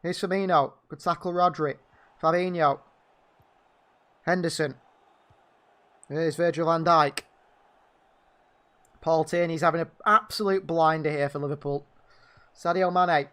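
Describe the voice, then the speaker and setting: A man's voice: on the high side, fairly even intonation, unhurried, pauses often, a bit bright. A man giving partisan live fan commentary on a football match, calling the play and venting at the referee. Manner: partisan, indignant outbursts at the referee.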